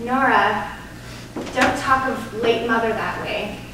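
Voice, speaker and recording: A woman improvising on stage as a pushy, scolding sister who lectures her sibling and breaks into shrill outbursts. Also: slow. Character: bossy scheming sister, young woman. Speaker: improv performer. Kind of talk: improvised stage comedy scene. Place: small theater stage. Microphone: distant room mic. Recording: echoey theater from far off, noisy.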